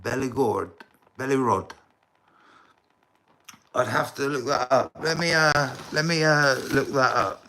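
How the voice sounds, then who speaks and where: Slow-talking English man with a bright voice. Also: medium pitch. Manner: rambling, talks straight to chat viewers, flares up in indignant bursts. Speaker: livestreamer. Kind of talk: casual livestream chat.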